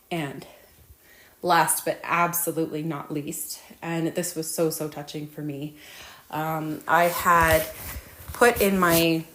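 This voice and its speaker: A woman's voice: fairly low pitch, reverberant. A woman hosting her own podcast at home, talking in an earnest, effusive, rambling way with plenty of fillers. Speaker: podcast host. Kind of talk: casual podcast monologue.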